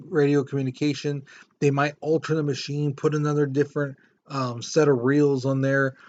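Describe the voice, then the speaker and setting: A man teaching a history lesson in a casual, conversational way, often repeating words as he explains. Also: medium pitch. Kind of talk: classroom lecture. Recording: slightly dull lo-fi recording.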